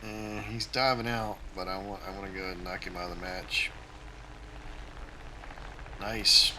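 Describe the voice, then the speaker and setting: A man's voice: low-pitched, level tone, normal speed, background noise. A man hosting his own gaming channel, giving a casual, tactical play-by-play of his flight game as he plays.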